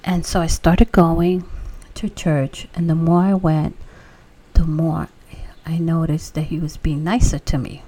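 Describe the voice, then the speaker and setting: A woman sharing a personal faith testimony, telling her story with emotion and often dropping into a breathy whisper. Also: low voice, level tone, unhurried, dark tone.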